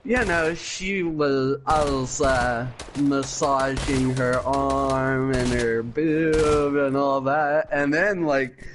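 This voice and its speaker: A man chatting casually over an online voice chat, telling a story in a halting way full of fillers and little laughs. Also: medium pitch, steady tone, noisy background. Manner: halting, lots of fillers and giggles. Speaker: guest friend telling a story.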